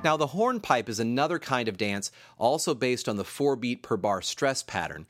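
A man, a composer and music teacher, explains dance rhythms in a measured lecture, counting beats aloud as he goes. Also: medium pitch, very animated. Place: school campus room.

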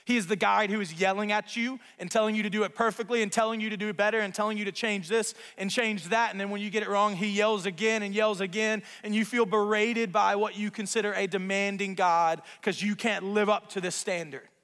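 A man preaching a sermon as pastor, telling a story in an animated, self-mocking way in a church sanctuary. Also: high-pitched, a little fast, few pauses. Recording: long reverb of a large hall.

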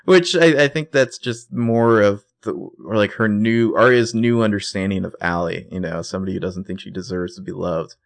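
A man's voice: on the low side, moderate pace, gravelly, few pauses, no echo. A man co-hosting a podcast, recapping a TV episode in laid-back, jokey casual chat.

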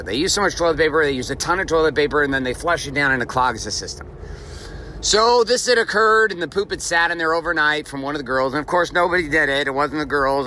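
A male podcast host giving a motivational monologue, telling a story in an animated and profane way. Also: medium pitch, a little hiss or hum.

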